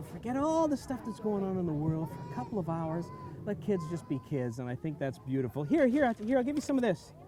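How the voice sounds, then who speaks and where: A man hosting a live stream outdoors on a farm, chatty and full of exclamations. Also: sits high. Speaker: host. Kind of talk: live-streamed casual chat.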